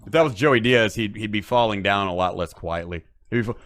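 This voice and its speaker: A man's voice: lowish voice, fast, few pauses, a little hiss or hum. A man hosting a late-night show, ranting casually in a profane, mocking way. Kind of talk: casual on-air rant.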